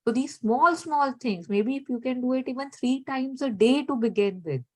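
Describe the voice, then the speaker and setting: Higher-voiced woman speaking in a thoughtful, reflective way. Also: normal speed, low-quality recording. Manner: thoughtful, gently searching, frequent "you know". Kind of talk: reflective conversational explanation.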